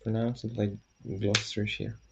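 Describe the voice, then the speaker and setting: A man off to the side giving brief, quiet replies during a livestream. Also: fairly low pitch, completely flat delivery, moderate pace, a little hiss or hum. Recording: muffled, far from the mic.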